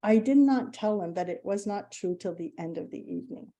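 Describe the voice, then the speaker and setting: Woman presenter, warm lower-toned voice, animated and chatty storyteller. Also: a little fast. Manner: animated, acts out quoted dialogue; chatty, with frequent fillers. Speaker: presenter at a community meetup. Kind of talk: casual presentation with anecdotes.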